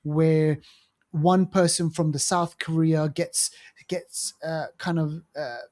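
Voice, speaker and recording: A man's voice: a little high, steady tone, takes it slowly, a little mellow. A man co-hosting a podcast, reviewing movies in a casual, enthusiastic, rambling way with lots of fillers and restarts. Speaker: podcast co-host.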